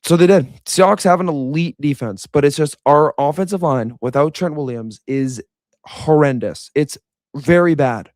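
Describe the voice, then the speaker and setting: A young man giving a blunt, animated reaction rant as a fan commentator. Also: a little high, normal speed, no echo, studio quality. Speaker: sports commentator.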